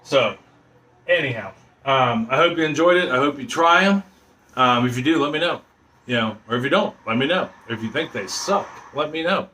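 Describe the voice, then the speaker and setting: A man's voice: mid-range voice, lively intonation, normal speed, bright, forceful tone. A man hosting a casual home cooking video in his kitchen, chatty and rambling, often restarting his sentences. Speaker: home cooking channel host.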